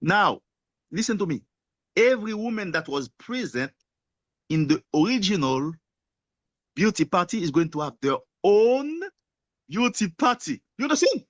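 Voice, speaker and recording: Man, high voice, non-native English, rousing sales pitch, rhetorical questions, dull lo-fi recording. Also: very animated, moderate pace, long pauses, dry recording. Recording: dull lo-fi sound.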